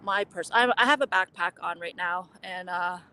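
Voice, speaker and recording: A woman's voice: lowish voice, normal speed, sharp tone, clean tone. A woman born in Laos whose first language is Lao, chatting casually as she live-streams on a phone while walking outdoors and answering her viewers. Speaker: live-streaming travel vlogger. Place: outdoors on city streets.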